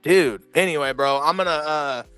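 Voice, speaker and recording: A man's voice: on the high side, moderate pace, bright, forceful tone, clean tone, no echo, soft background music. Laid-back, swearing male stream guest. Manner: laid-back, profane, 'bro' and 'dude' talk. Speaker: guest on a livestream panel. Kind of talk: casual livestream chat.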